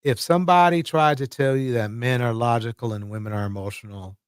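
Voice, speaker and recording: A man's voice: mid-range voice, fairly even intonation, brisk, smooth, no echo, studio quality. A man hosting livestream commentary, emphatic and repeating words for effect. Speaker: commentary host.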